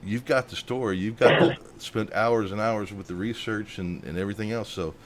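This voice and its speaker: A man's voice: lowish voice, normal speed, slight background noise. A man hosting a news commentary, indignant and worked up. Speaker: host.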